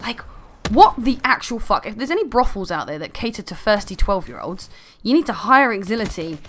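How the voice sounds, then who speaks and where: A woman's voice: mid-range voice, big pitch swings, brisk, background noise. A woman ranting in an angry, sarcastic commentary video full of swearing.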